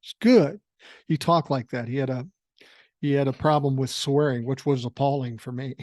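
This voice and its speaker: An older man in his sixties from Minnesota tells loose, profanity-laced stories on his podcast. His voice sits at an ordinary middle pitch. The sound is close and dry, with no room around it. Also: fairly even intonation, brisk, darkish tone, no room sound. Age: 60s. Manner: profane, rambling anecdotal delivery. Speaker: podcast host. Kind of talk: casual storytelling.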